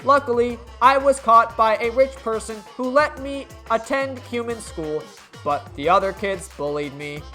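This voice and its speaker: A man's voice: high-pitched, sharp tone, pitched above the performer's own voice, exaggerated voice. A man doing a small earnest robot storyteller. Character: small shy male robot telling a sad tale.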